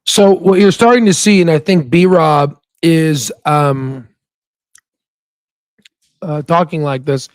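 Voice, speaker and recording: Man, high voice, channel host, emphatic commentary, repeats points, dry close sound. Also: slow, pauses often, no room sound. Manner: emphatic, repeats points, asks the listeners for agreement. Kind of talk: commentary on an interview clip.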